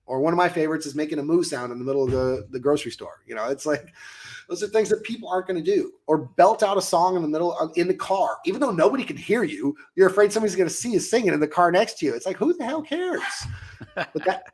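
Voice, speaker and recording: A man's voice: a little high, quick pace. A man in his late thirties from the United States, a coach and show host, telling his story in a casual chat and acting out his own past lines.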